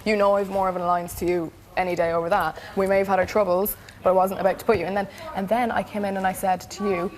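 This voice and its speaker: A woman in a reality show house, rapidly retelling a conversation and quoting what others said, in a heated casual chat. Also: medium pitch, little pitch movement. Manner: rapid, retelling with quoted dialogue. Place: house living area, indoors.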